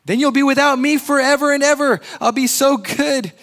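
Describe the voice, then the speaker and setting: A man's voice: moderate pace, a bit bright. A man voicing a frantic pleading lizard. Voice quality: high, frantic, chattering. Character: pleading, wheedling red lizard creature.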